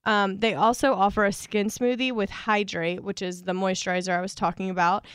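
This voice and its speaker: Smooth-voiced woman podcast co-host. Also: mid-range voice, level tone, fairly quick, no echo, clean studio sound. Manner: chatty, frequent "um" fillers. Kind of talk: casual podcast chat with ad read.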